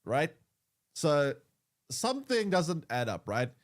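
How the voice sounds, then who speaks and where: In a sing-song voice on the high side, a young man chats casually as he streams a game, speaking slowly. His talk is full of stammered restarts and repeated words.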